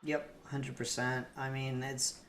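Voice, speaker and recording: A man's voice: mid-range voice, level tone, slow, a bit bright. A man co-hosting a podcast, rambling casually with lots of fillers and the odd swear word. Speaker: podcast co-host. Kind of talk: casual comic book discussion. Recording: echoey room with faint music.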